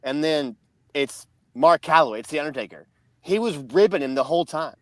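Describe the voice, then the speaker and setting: A man's voice: on the high side, lively intonation, a little fast, no echo. Rambling male podcast co-host, dry sound. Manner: rambling storyteller, many restarts. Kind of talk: casual podcast chat.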